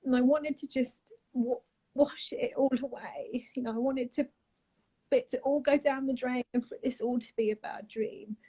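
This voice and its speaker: A woman, a guest telling a painful personal story in a soft, halting way, often trailing off and starting again. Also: high-pitched, steady tone, rough recording. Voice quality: husky, breathy. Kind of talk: emotional personal account on a live chat.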